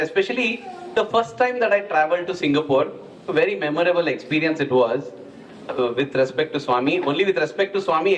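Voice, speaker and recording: A man's voice: a little high, slight background noise, poor audio. A man with an Indian English accent telling stories at a spiritual retreat and acting out each person's lines. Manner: animated, acts out dialogue in anecdotes. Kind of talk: storytelling talk. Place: hall at a retreat.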